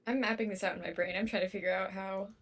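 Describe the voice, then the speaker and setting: A woman's voice: medium pitch, fairly even intonation, quick pace. A woman from the American South playing a tabletop role-playing game in casual chat, giggly and hesitant, often restarting her sentences. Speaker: player.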